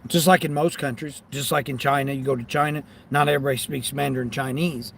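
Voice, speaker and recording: A man's voice: mid-range voice, steady tone, fast, creaky, a bit bright, slight background noise. A man rambling casually on a livestream, talking to chat between delivery orders while he sits in his car. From United States. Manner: rambling, talks back to chat.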